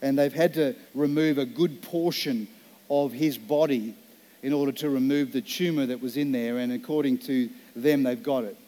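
A man preaching as a pastor, telling a personal story in an earnest, slow and emphatic way, in a church setting. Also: medium pitch, steady tone, warm tone. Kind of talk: sermon.

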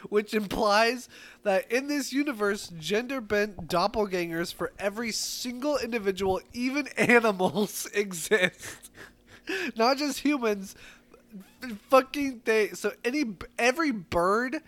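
A man's voice: high voice, a little slow, a bit bright. A man co-hosting a casual podcast at home, rambling and swearing, laughing often and tripping over words. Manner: rambling, profane, laughs a lot, stumbles on words. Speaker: podcast co-host. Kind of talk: casual chat. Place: home, indoors. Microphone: podcast mic.

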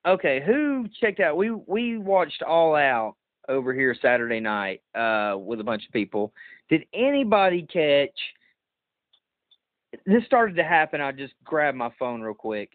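A man's voice: fairly high pitch, unhurried, no echo. A man hosting a podcast, telling stories in a casual chat and laughing often. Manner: laughing, animated storytelling. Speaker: podcast host. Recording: tinny phone-like sound.

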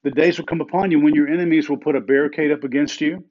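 Earnest male preacher, slightly high voice. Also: steady tone, lo-fi sound. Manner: earnest, slows and repeats phrases for emphasis. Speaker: pastor. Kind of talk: sermon.

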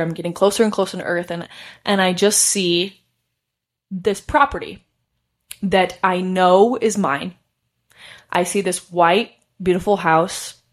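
Chatty young woman, slightly low voice. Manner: chatty, laughs often, many fillers. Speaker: podcast host. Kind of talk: casual personal storytelling.

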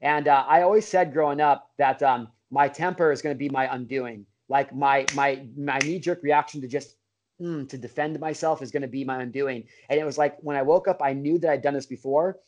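A man's voice: medium pitch, fairly even intonation, a little fast, darkish tone. A middle-aged man, a podcast guest, telling a story in a casual way, full of bro slang, fillers and restarts. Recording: dull lo-fi audio.

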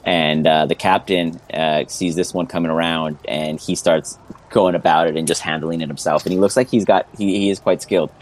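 Deep-voiced male game master. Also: steady tone, fairly quick, slight background noise. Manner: loose, rambling narration full of fillers. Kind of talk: narrating a tabletop game.

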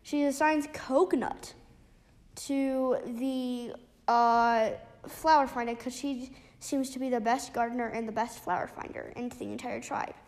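A woman casually retelling a book's plot, halting often with restarts and fillers. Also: fairly high pitch, steady tone, darkish tone. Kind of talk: casual spoken book recap.

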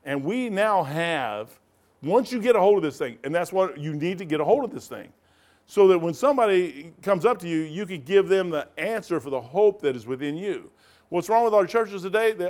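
A man teaching a Bible study in a rambling sermon style, animated, often laughing and digressing, with sudden loud bursts. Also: high-pitched, a little fast.

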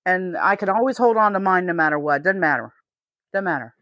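A woman's voice: on the low side, animated, brisk, fairly bright tone, no echo, studio quality. A woman co-hosting a podcast, chatting casually and telling stories full of swearing and laughter. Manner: swearing storyteller, laughs often. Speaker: podcast co-host. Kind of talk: casual chat.

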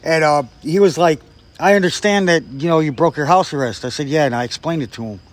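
Talking fairly quickly with a voice on the high side, a man tells a story as a guest in casual chat, swearing freely and acting out what people said.

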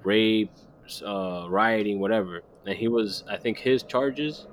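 A man in casual chat, speaking low and laid-back, his voice trailing off. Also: unhurried, a little hiss or hum.

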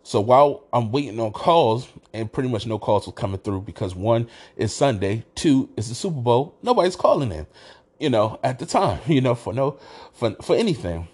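A man's voice: mid-range voice, moderate pace, slightly rough. A man hosting a podcast, telling a story in a rambling, casual way and restarting his sentences often. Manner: rambling, restarts sentences, animated when retelling. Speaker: podcast host.

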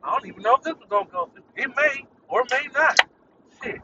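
A man's voice: very high voice, expressive, a little fast, far from the mic, highs cut off, very noisy. A man hosting his own podcast, ranting in a rambling, irritated, profane way. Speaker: podcast host. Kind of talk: casual solo rant.

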